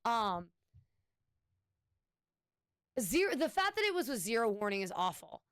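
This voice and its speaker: Chatty woman streamer, smooth dry voice. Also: on the high side, big pitch swings, brisk, dry recording. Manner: rambling, with frequent restarts and "anyway"; chatty, thanking subscribers. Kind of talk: casual chat with stream viewers.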